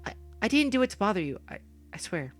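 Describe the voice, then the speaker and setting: A woman's voice: mid-range voice, very animated, fast talker, soft background music, voice pushed up, lightly acted. A man doing a shy, stammering young woman. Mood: timid. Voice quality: timid, stammering. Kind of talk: reading a game aloud.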